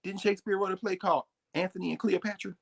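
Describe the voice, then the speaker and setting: A man giving a live, lecture-style talk as the guest on a recurring segment, animated and digressive, often breaking off his own sentences. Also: sits high, fast, creaky. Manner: animated, digressive, interrupts himself.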